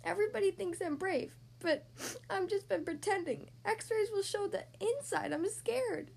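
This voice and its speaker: A small boy turtle from a storybook speaks in a high, shaky, childlike voice, as a woman acts him out. He sounds timid and unsure of himself. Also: animated, normal speed.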